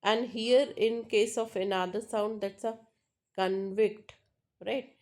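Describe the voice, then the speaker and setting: Slow-speaking woman teaching a lesson. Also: fairly high pitch, fairly even intonation. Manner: slow and repetitive, explaining with many pauses and fillers. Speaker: English teacher. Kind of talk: classroom lecture.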